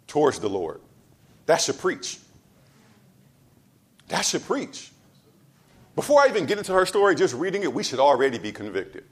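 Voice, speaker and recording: A man with a somewhat high voice preaching a sermon. He hammers points home with repetition and moves between loud, emphatic lines and quiet asides. He slips into relaxed storytelling as he goes. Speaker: pastor.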